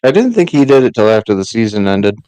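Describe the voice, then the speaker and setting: Low, smooth-voiced man rambling on a podcast. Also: sing-song, dark tone, poor audio. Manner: rambling, halting restarts. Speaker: podcast co-host. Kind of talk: casual sports chat.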